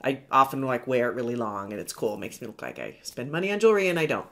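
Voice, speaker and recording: A woman's voice: a bass voice, very animated, quick pace. A middle-aged woman hosting a makeup tutorial, chatting in a rambling, self-deprecating way as she works. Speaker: beauty vlogger.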